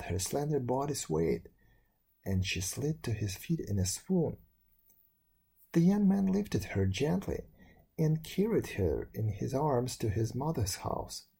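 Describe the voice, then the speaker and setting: A man reading a folk tale aloud in a slow, measured, hushed storytelling voice. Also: medium pitch, gravelly, slightly rough. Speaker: narrator.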